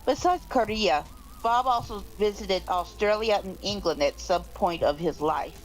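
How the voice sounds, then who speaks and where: A woman reading a text aloud on a casual stream, halting and restarting as she goes. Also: mid-range voice, faint music behind, low-quality recording.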